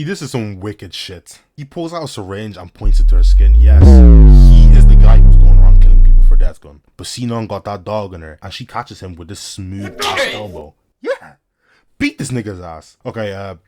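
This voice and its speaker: A young man with a fairly low voice cracking jokes through an anime recap. He talks in heavy slang, hyped and riffing on every scene. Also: a bit bright. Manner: slangy, hyped, joking asides. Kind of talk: comedic anime recap commentary.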